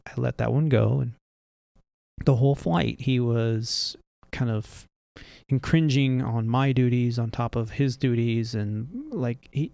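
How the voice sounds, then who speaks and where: A man, an airline captain hosting his own podcast, tells stories in a casual, conversational way and turns to the listener with questions. His voice is gravelly and mellow, with a dry close sound. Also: mid-range voice, no echo. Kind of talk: casual storytelling.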